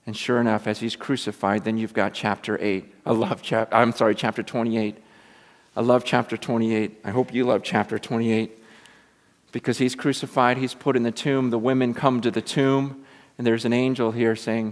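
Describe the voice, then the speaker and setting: A man's voice: medium pitch, flat delivery, moderate pace. A man preaching a sermon in an impassioned, emphatic way, often repeating words as he builds up. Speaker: pastor. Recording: long reverb of a large hall.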